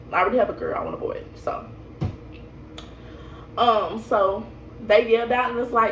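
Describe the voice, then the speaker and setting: A woman's voice: on the high side, moderate pace, slight background noise. A young woman telling her birth story casually, rambling and laughing, with lots of fillers and restarts. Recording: echoey room, voice from a distance.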